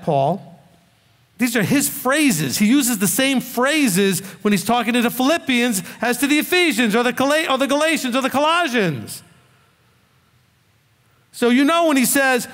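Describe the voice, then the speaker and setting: A male rabbi with a high, fairly bright voice delivers a blunt, scolding sermon packed with rhetorical questions. A long hall reverb makes every phrase ring out.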